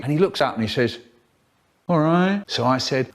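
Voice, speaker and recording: A man's voice: a little high, sing-song, a little fast. A man, telling playful, exaggerated stories in edited clips. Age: 70s. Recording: remix with loud music bed.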